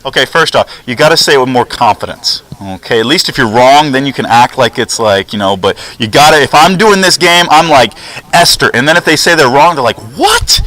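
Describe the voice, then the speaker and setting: A man teaching a junior high class, upbeat and coaching as he calls on students one by one. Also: animated, bright, forceful tone, low-quality recording. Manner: upbeat, coaching, quick back-and-forth with students. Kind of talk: classroom lesson. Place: school classroom.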